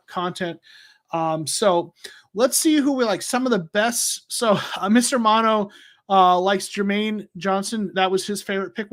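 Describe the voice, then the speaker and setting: A man with a notably high voice hosts a casual livestream. He rambles in a loose, chatty way, full of ums and restarts, and talks into a new microphone from a home streaming setup. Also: fairly bright tone. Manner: rambling, many fillers and restarts. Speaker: livestream host.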